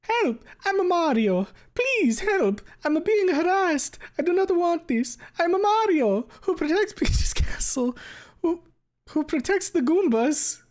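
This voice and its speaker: A frantic, squeaky Mario, put on by a man, begs for rescue in a shrill falsetto that sits far above a normal speaking voice. The delivery is pleading and over the top, like a cartoon figure in distress. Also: animated, slow, exaggerated voice. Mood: panicked pleading.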